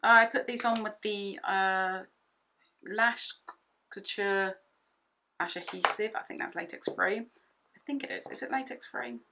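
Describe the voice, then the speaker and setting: A young woman chatting through a makeup tutorial at home, excitable and rambling, often repeating herself. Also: medium pitch, unhurried, vocal fry, long pauses, a little hiss or hum. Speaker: beauty vlogger.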